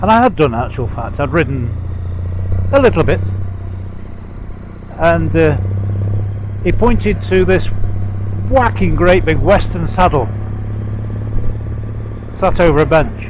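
Middle-aged english guy chatting from his motorbike, voice a bit high, road noise all around. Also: expressive, slow pace, long pauses, low-quality recording. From England. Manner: rambling, warm storytelling with many fillers and restarts. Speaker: motorcycle vlogger. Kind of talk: casual ride narration. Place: outdoors riding a motorcycle sidecar on country roads. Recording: road and engine noise behind.

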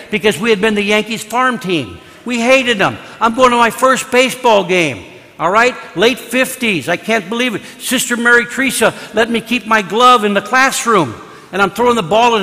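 An older man from Kansas City preaches in a high, bright voice, spinning homey stories as a priest leading a parish mission. He keeps it chatty and loose, sprinkling in "you know" between lines. His words hang in the long reverberation of a large church. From Kansas City, USA. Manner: conversational, folksy, peppers talk with "you know". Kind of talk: storytelling sermon.

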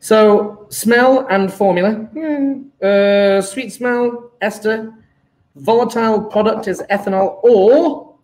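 A man's voice: high voice, expressive, takes it slowly, darkish tone, low-quality recording. A man talking casually through an exam paper review as a chemistry teacher, chatty and self-deprecating, exclaiming at his own mistakes.

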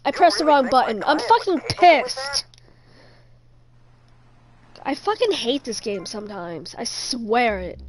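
A woman's voice: fairly high pitch, big pitch swings, normal speed, few pauses. A young woman giving live commentary while playing a video game, chatting with viewers and swearing in frustration.

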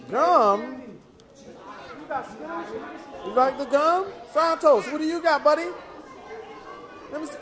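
Recording on a handheld phone amid the noise of a crowded church festival hall, a woman with a high-sitting voice chats playfully with the children around her. She teases them in slangy speech while a crowd of kids chatters in the background.

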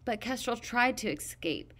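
A woman's voice: on the high side, animated, fairly bright tone, voice pushed up. Woman playing a stubborn male dragon guard. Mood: insistent. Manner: stubborn, measured testimony.

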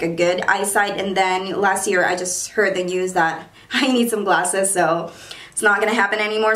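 Young female beauty vlogger, bubbly and apologetic, echoey home recording. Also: medium pitch. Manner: bubbly and excitable, apologetic asides. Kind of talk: casual chatty haul video. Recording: roomy echo.

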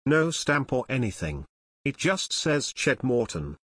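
A man reading as a cheerful excitable teenage girl. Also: mid-range voice, unhurried, husky, no room sound, studio quality, exaggerated voice.

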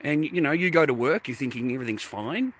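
A man's voice: on the high side, lively intonation, fast talker, a bit bright, breathy edge. A man venting to his viewers in an indignant, swear-filled rant while out on a walk. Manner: indignant, swears constantly, talks straight to viewers. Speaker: vlogger. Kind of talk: profane to-camera rant. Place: outdoors on a walk.

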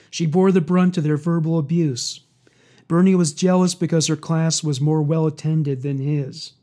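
A man with a fairly high but mellow voice reads a dark true story aloud. His delivery is steady and measured, with a quiet intensity. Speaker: narrator. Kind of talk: scripted true-crime narration.

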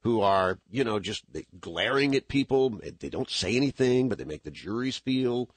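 Brief: male radio host, husky and dry-miked, animated, rambling commentary. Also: medium pitch, normal speed, no room sound. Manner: animated, rambling, frequent restarts and fillers. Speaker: radio talk show host. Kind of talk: conservative talk radio commentary. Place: radio studio.

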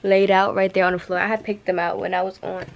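A woman's voice: medium pitch, little pitch movement, quick pace, vocal fry, noisy background. Chatty young woman vlogging while packing. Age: young adult. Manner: chatty, playful, laughing often, uses slang. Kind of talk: casual vlog chat to camera. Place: bedroom while packing, indoors. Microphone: camera on tripod.

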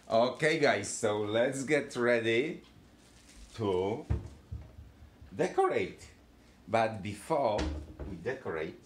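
A woman's voice: rumbling low, lively intonation, takes it slowly, slight background noise. A woman hosting a casual family video, asking the children upbeat, coaxing questions. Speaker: family vlog host.

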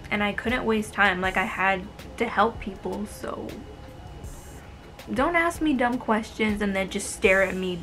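An American vlogger in her twenties narrates storytime tales from her retail job, sounding casual, exasperated, and sarcastic. Her voice is on the high side and a bit bright.

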